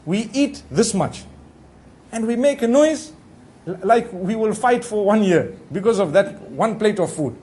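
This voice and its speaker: High-voiced male preacher, conversational. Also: measured pace. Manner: relaxed, talks directly to the audience with frequent "you know". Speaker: Islamic preacher. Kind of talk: conversational sermon.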